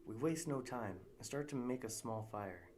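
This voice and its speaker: A man's voice: medium pitch, animated, normal speed, a little mellow, slight background noise. Casual male live story reader. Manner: casual, unpolished reading with restarts. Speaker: narrator.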